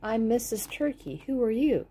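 A woman voicing a fussy, forgetful female turkey in a storybook read-aloud, lifting her voice higher for the part. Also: lively intonation, moderate pace, warm tone, husky.

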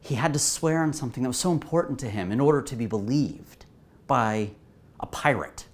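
A woman pastor preaching a sermon in an animated way, asking the listeners rhetorical questions. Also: rumbling low, fairly quick.

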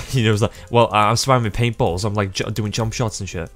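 A man's voice: fairly low pitch, fairly quick, faint music behind. Sweary young man gaming. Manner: sweary, exasperated grumbling. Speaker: gaming YouTuber. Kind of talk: profane casual gameplay chat.

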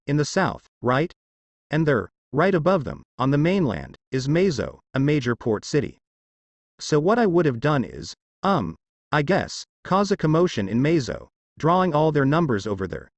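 A man's voice: a little high, no echo. A man doing a hot-headed stammering soldier. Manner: stammering, swearing. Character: grieving, hot-headed young male soldier.

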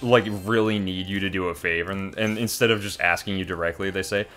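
A man's voice: sits low, fairly even intonation, quick pace, hardly any pauses, fairly bright tone, faint music behind. A young man chatting casually while playing a video game with a friend, rambling with lots of fillers and restarts. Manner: rambling, stop-start with many fillers. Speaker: co-host of a gaming channel. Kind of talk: casual let's play banter.

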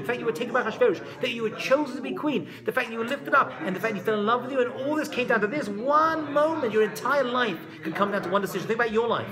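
A man giving a lively lecture that retells a biblical story, talking conversationally and dropping joking asides. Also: very high-pitched. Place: live talk before an audience. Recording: live talk with audible audience.

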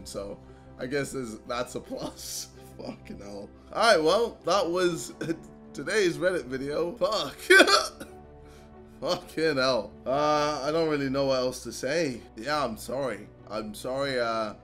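A man's voice: mid-range voice, lively intonation, slow, bright, forceful tone, faint music behind. A young man, talking casually in a reaction vlog, self-mocking and laughing and swearing a lot. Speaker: YouTuber.

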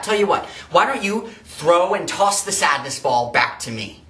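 Encouraging teaching artist, bright echoey sound. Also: medium pitch, very animated, normal speed, hardly any pauses. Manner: gentle, encouraging, addresses viewers directly. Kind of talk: children's drama workshop. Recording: echoey room, mic at a distance.

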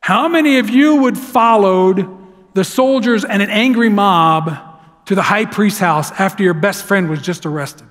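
High-voiced pastor preaching in a reverberant church. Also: male voice, unhurried. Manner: storytelling, dramatic swings from loud to hushed. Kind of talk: sermon. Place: church sanctuary. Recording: long hall reverb.

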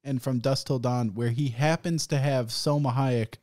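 A young man spins loose stories on a podcast and laughs his way through them, swearing as he goes. His voice sits at a middle pitch and sounds close and dry. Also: steady tone, moderate pace, darkish tone, no room sound. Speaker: podcast co-host. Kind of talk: casual chat.

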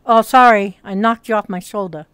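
A woman's voice: mid-range voice, moderate pace, fairly bright tone, clear, resonant tone, no echo. A woman with a hard-to-place mixed accent streaming, rambling and chatting casually with a bit of swearing. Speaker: streamer and hypnotist. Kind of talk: casual livestream chat. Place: virtual reality social world.

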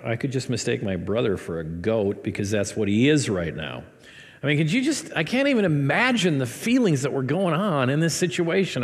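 A male pastor preaching a sermon. He reads scripture dramatically, then breaks off into animated asides with laughs. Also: medium pitch, gravelly. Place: church sanctuary. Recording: church hall with long reverb.

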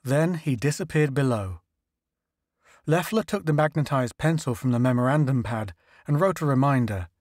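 An audiobook narrator, male, reads a science fiction story as scripted narration, keeping a steady, even storytelling tone. His pitch is medium and his speed normal. The studio recording is clean, with no echo.

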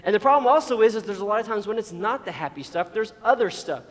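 A man's voice: sits high, expressive, fast talker. A male pastor preaching a sermon in a casual, joking way with asides. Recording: long hall reverb.

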